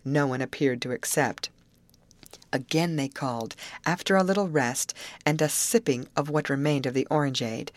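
A woman narrating an audiobook chapter in an even, measured storytelling manner. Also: sits low, dry recording. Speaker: audiobook reader.

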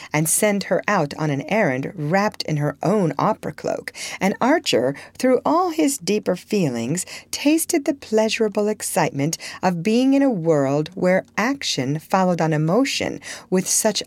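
A woman narrating a classic novel in an audiobook with an expressive, measured reading. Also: fairly low pitch, dry recording. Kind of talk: scripted narration.

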